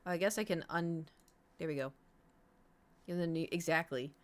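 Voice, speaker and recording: A woman's voice: deep voice, normal speed. A young adult woman streamer telling a rambling story in casual chat, swearing freely. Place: home room.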